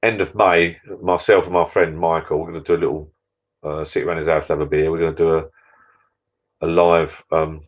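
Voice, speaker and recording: A man's voice: a bass voice, little pitch movement, fairly quick, highs cut off. A man hosting a casual live stream, rambling chattily and reading out viewer comments.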